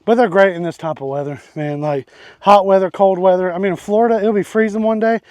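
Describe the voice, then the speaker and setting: A young man with a fairly high voice chats casually while he works outdoors on his farm. He jokes around and talks to his chickens as he goes. The sound is dry and close, with no room echo. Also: fast, darkish tone, highs cut off. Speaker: homesteader vlogger. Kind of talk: casual vlog.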